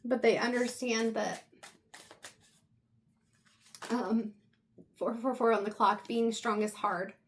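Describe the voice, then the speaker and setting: A woman giving an intuitive tarot reading, talking softly and reflectively with pauses, at times close to tears. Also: on the high side, steady tone. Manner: soft, reflective, halting with pauses. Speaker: tarot reader.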